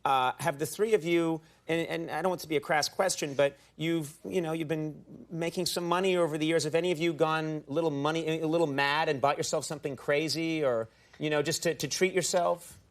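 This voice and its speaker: A man's voice: a little high, fairly even intonation, a little fast. A man hosting a talk show interview, stammering through restarts and cracking jokes.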